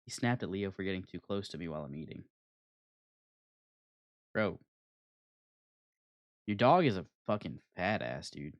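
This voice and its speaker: Male streamer, casual profane game commentary, animated delivery. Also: sits low, unhurried, pauses often, no echo. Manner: profane, joking, rambling.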